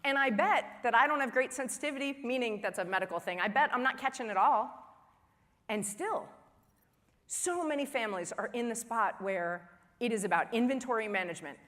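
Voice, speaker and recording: A woman in her forties giving a humorous keynote speech at a conference, telling family stories in an animated way and acting out the dialogue. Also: a little high, brisk. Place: large conference hall. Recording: long reverb of a large hall.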